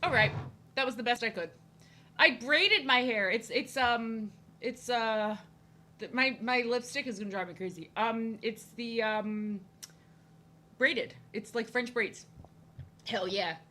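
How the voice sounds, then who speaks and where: Bright-voiced woman chatting while drawing. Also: on the high side, measured pace, slight background noise. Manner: rambling and playful, greets chat viewers; frequent stammered restarts. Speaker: art streamer. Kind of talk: casual live-stream chat while drawing.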